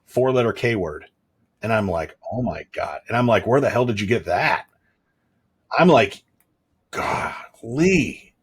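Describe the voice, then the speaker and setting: A man with a husky, slightly low voice, chatting casually as a podcast host. He tells candid stories in a rambling way, full of restarts. He sounds like he is in his thirties. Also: expressive, measured pace, pauses often. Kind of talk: casual chat.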